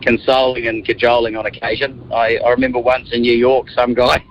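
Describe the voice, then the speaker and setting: A New Zealand man around fifty, a radio guest telling lively stories from a moving car. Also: medium pitch, a little fast, dull audio, a little hiss or hum. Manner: animated storyteller, acts out quotes. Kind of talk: casual radio interview.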